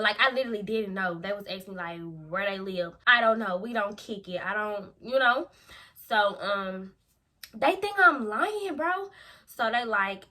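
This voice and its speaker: A young woman vlogger telling a storytime in a lively, slangy way, acting out quotes. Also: mid-range voice. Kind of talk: storytime vlog.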